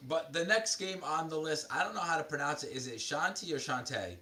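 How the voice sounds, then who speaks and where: A man's voice: fairly high pitch, lively intonation, quick pace, sharp tone. A man co-hosting a casual gaming podcast, reading game news aloud and adding offhand comments. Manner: reads listings aloud with asides. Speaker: podcast co-host.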